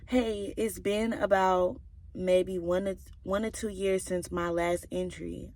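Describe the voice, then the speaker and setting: A woman's voice: fairly low pitch, a little mellow, dry recording. A young woman, chatting in a casual, confiding way as she reads through her old journals. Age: 20s. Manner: emotional, confiding, many "like"s. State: tearful at times. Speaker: vlogger. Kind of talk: casual personal vlog, reading old journals.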